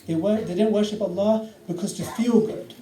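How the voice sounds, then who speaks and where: A man's voice: high voice, fairly even intonation, moderate pace. A man giving an impassioned religious lecture, telling stories and crying out quoted prayers. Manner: impassioned, storytelling, rising to loud cries in quotes. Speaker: speaker. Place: Islamic centre hall. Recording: echoey hall from far off with faint ambience.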